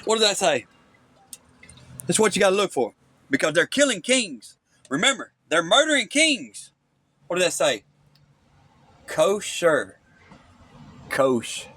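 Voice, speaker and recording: A man recording himself with his phone's front camera delivers an angry, profane, rambling rant, saying "okay?" again and again. His high voice is sing-song, pushed, and bright, and he speaks a little slowly with long pauses.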